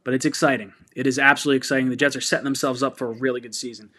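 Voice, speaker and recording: A man hosting a live fan stream who reads viewer comments and gets excitable and fired up, laughing and shouting. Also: mid-range voice, very fast. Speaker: sports fan channel host.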